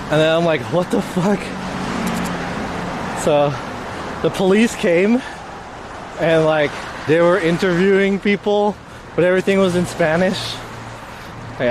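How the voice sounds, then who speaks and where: A man live-streaming outdoors in light rain, telling a story in a rambling, cursing way full of "like". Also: a little high. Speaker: IRL streamer. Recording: street noise behind.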